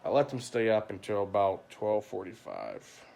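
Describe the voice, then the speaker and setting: A man's voice: fairly low pitch, big pitch swings, moderate pace, creaky, darkish tone. A father venting in a rambling, frustrated late-night livestream monologue from home, full of "you know" and "like", recorded on a phone. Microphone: phone camera.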